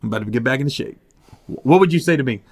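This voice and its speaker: A man hosting a podcast, telling animated stories in casual chat and breaking into high laughing impressions. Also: very fast, vocal fry. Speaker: podcast host, comedian.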